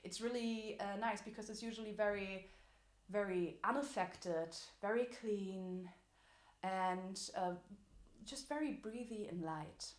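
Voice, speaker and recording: A woman's voice: mid-range voice, a little slow. A woman teaching a singing lesson as a vocal coach, explaining technique in an encouraging way. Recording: echoey room.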